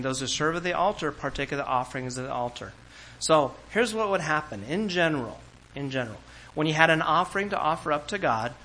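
A man's voice: a little high, bright, forceful tone, a little hiss or hum, poor audio. A man preaching a sermon to a congregation in a church, talking in a conversational way and acting out quoted voices. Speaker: pastor.

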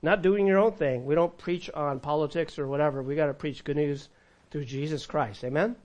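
Male pastor, slightly high voice, sermon with call-and-response, big volume swings. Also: moderate pace, a little mellow.

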